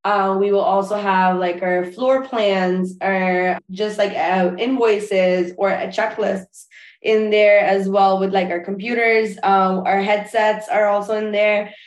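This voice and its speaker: Woman wedding planner, casual guest chat, mid pitch, roomy echo, loose and relaxed with plenty of "uh" and "like". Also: slow. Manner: relaxed, frequent fillers and restarts.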